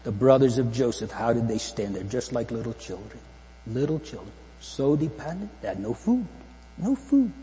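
A man's voice: medium pitch, animated, moderate pace, warm tone. A man preaching a fervent sermon to a congregation, repeating phrases and asking rhetorical questions. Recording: long hall reverb with mains hum.

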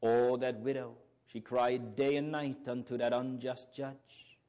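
A man's voice: medium pitch, little pitch movement, unhurried, warm tone. A man preaching a sermon, earnest and fervent, with old biblical phrasing and rising exclamations.

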